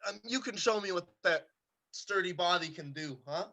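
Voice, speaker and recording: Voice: mid-range voice, lively intonation, moderate pace, pushed and bright. An actor playing a sports-obsessed suburban dad in an amateur comedy sketch, with a brash, bossy coaching tone. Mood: coaxing. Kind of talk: amateur comedy sketch over video call.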